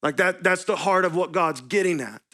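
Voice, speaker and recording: Pastor, male, fairly high voice, earnest sermon delivery with repeated rhetorical questions. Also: moderate pace, bright, forceful tone. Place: church sanctuary.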